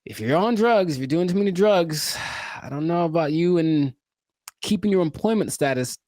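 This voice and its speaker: A man's voice: fairly high pitch, animated, normal speed, darkish tone, dry recording, clean studio sound. A young man co-hosting a podcast, chatting casually and joking, often trailing off and restarting his sentences. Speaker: podcast co-host. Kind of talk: casual chat.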